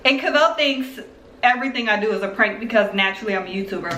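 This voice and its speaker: A woman in her twenties from Philadelphia telling a personal story on her vlog in a chatty, animated way full of fillers. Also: medium pitch, fast talker, a little hiss or hum. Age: 20s. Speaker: YouTuber. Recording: roomy echo.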